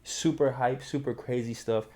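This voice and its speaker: A young man hosting a casual manga review channel, talking in energetic slang with lots of fillers. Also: mid-range voice, moderate pace. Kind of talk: casual chat, recapping a manga.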